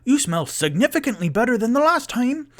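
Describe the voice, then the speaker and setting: A man putting on a fussy little halfling gentleman with a high, piping voice that rises well above a normal speaking voice. He bustles and fusses, loud and keen to welcome everyone inside. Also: fairly quick. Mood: delighted. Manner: excitable and eager to please. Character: pudgy, fussy, welcoming male halfling homeowner. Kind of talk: tabletop role-play voice acting.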